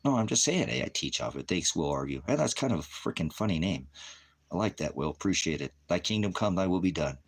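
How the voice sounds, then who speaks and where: A man's voice: low-pitched, very animated, fairly quick, breathy edge. A man preaching on a livestream, profane and combative, berating commenters and repeating himself. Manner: repetitive, shifting between shouting and muttering. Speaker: online preacher. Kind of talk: livestream rant at chat.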